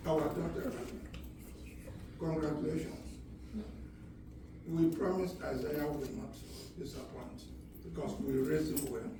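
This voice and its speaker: Older man giving fatherly advice, echoey hall. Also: fairly high pitch. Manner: earnest, fatherly advice on honesty and tradition. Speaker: father giving a wedding speech. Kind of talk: wedding speech. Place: wedding reception hall. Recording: echoey hall from far off, background noise.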